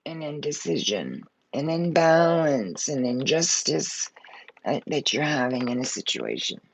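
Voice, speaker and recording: Gravelly fired-up woman reading tarot. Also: low voice, very animated, a little slow, slight background noise, rough recording. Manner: blunt, fired up, swears freely. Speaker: tarot reader.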